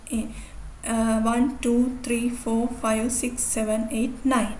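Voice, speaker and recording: A Sri Lankan woman teaching an English lesson on poetic metre, explaining slowly and counting syllables aloud. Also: on the high side, darkish tone. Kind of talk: recorded video lesson. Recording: echoey room, faint ambient noise.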